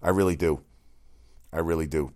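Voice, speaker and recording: A man with a rumbling low voice hosts a solo sports podcast at a moderate pace. He rambles excitably, tossing in crude asides and often correcting himself.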